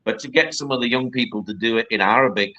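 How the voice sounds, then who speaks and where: Man from up north in england, chatty and repeating himself, sharp bright voice over a muffled video call. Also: mid-range voice, fast. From northern England, near the Scottish border. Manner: chatty, rambling, repeats words for stress. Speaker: poet and guest. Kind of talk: casual interview chat.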